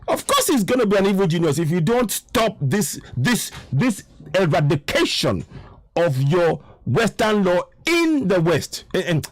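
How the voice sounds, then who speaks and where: A man's voice: high voice, no echo. A Nigerian man with a Yoruba-tinged accent, giving a frustrated, impassioned political monologue and repeating himself for emphasis. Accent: Nigerian English, Yoruba. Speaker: online commentator.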